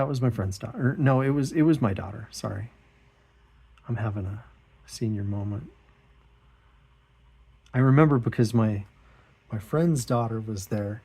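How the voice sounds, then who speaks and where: A middle-aged man who hosts an art channel chats loosely and self-deprecatingly as he draws, rambling and chuckling often. His voice has a breathy edge, and when he repeats what other people said, he acts it out in a higher voice.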